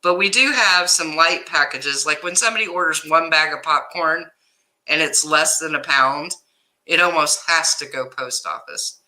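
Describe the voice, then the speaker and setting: A middle-aged woman hosting a casual livestream, telling a story in an animated way and greeting viewers by name, upset and stressed. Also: low-pitched, moderate pace, poor audio. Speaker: livestream host.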